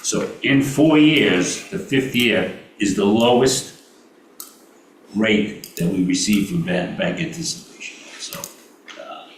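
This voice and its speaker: A man with a Brooklyn accent running a committee meeting, reading out payments and figures with many halting fillers. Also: lowish voice, expressive. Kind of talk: meeting business. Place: meeting room. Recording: echoey room from far off with noise.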